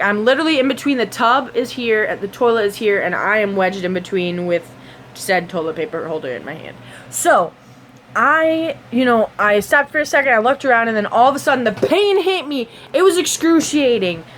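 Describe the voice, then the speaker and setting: Chatty young-sounding woman, higher voice. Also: a bit bright, slight background noise. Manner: chatty and rambling, with many fillers and sound effects. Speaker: vlogger. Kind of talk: casual storytelling to camera.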